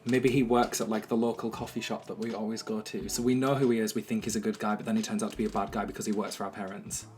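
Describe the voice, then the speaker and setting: A young man co-hosting a casual chat, excitable and quick to react. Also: lowish voice, a little hiss or hum. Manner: excitable, gasping and laughing. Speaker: co-host.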